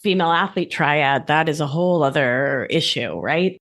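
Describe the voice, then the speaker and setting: A woman talking as a podcast guest, animated and playful, with sudden jumps in pitch. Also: moderate pace. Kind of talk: conversational interview.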